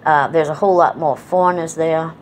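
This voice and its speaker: Woman, low voice, mixed Southern and New England accent, rambling folksy storytelling, faint background hiss. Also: fairly even intonation, a little fast. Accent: mixed Southern and New England American. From New England, United States. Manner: rambling, folksy, many fillers and restarts. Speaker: vlogger. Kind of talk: casual reminiscing monologue.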